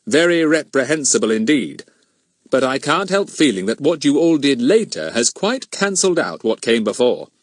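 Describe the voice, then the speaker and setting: A man's voice: medium pitch, big pitch swings, normal speed, no echo, studio quality, pitched above the performer's own voice. A man voicing a genial, dignified middle-aged police inspector in a storybook, courteous and formal with kindly teasing.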